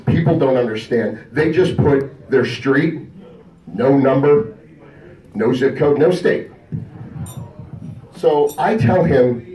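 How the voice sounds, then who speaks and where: Telling crude stories on a convention stage, a man with a medium-pitched voice speaks a little slowly, leaving long pauses. He stays animated, acting out the people in his stand-up, heard through a distant mic in an echoey space.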